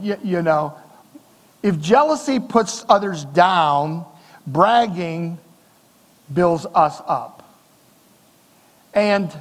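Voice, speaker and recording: A middle-aged pastor preaches in a conversational way, asking the congregation questions and moving between quiet, low moments and emphatic lines. His voice sits a little high for a man. A long church reverb trails after his words. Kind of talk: sermon. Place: church sanctuary.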